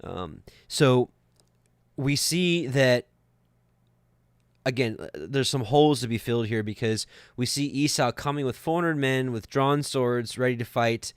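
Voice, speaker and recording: A man's voice: medium pitch, a little slow, smooth, no echo, clean studio sound. A man teaching scripture casually, rambling with many fillers and restarts and chuckling now and then. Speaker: Bible teacher.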